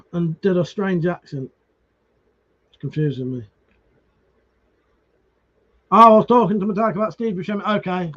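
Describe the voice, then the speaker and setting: His voice sits high and he talks at a normal speed, pausing often while chatting casually on a live stream. He calls viewers by name as he reads comments, curses freely and restarts words, with muffled lo-fi sound.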